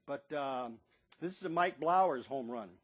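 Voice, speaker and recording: A man in his seventies tells stories from his years as a stadium bugler in a relaxed monologue. He's an animated storyteller, raising his voice to act out what people said. His pitch is medium, his pace a little slow, and there's heavy background noise.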